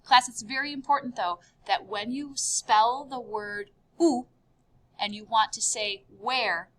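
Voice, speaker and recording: A woman teaching a recorded French lesson, upbeat and drilling each word with sharp rising repeats. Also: mid-range voice.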